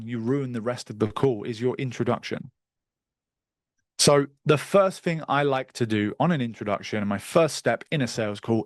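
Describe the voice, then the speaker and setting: A man leads an online sales masterclass from a video call. His voice sits at an ordinary middle pitch, and the sound is dry and close. He coaches in a direct, brisk way, with a little crude slang. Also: no room sound. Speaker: sales trainer. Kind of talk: live online masterclass teaching.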